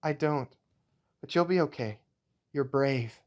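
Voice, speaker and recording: A man voicing a caring, worried mother who speaks gently to a child and stands up to a villain. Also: mid-range voice, slow pace, close to an everyday voice. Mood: tender.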